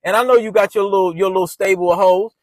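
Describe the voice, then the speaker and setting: A man's voice: sits high, fairly even intonation, fast, darkish tone, dry recording. A man casually retelling a personal story in loose slang, often restarting his sentences.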